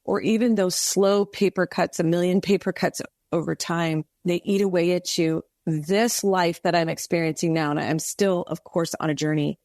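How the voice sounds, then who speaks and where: A woman's voice: lowish voice, normal speed, hardly any pauses, no room sound, clean studio sound. Earnest woman sharing a faith story. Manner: earnest, animated storytelling with many restarts. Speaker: podcast guest. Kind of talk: faith testimony in casual interview.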